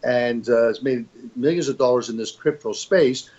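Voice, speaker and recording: A man's voice: medium pitch, moderate pace, darkish tone, lo-fi sound. An older man giving an interview as a fund executive, talking in a rambling, emphatic way with many restarts. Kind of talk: conversational interview.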